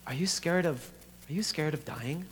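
A man voicing a gentle, worried younger sister who speaks softly and hesitantly with stammers, in an echoey hall with a faint hum. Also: a little high, moderate pace, natural voice.

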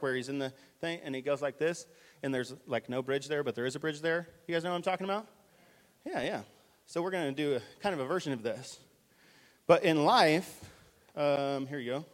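A man preaching a conversational, urgent sermon, directing volunteers on stage. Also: a little high. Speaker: pastor. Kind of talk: live sermon with stage illustration. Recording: reverberant church hall.

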